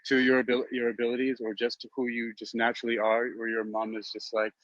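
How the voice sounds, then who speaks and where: A man hosting a casual interview, asking halting questions in a playful way. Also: medium pitch, completely flat delivery, fairly bright tone, no echo. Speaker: interview host. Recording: dull, dry lo-fi sound.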